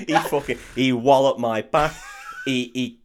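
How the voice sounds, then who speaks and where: A man in his thirties co-hosts a podcast in casual chat. He tells animated, laughing stories and swears freely as he goes. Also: mid-range voice. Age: 30s. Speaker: podcast co-host.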